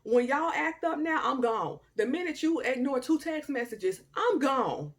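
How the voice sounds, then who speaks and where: A young woman telling a personal story to camera in a casual, animated way, with loud outbursts, quiet murmurs and slangy asides. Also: sits high, a little slow. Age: young adult. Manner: informal Southern-style slang and asides. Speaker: storytime vlogger.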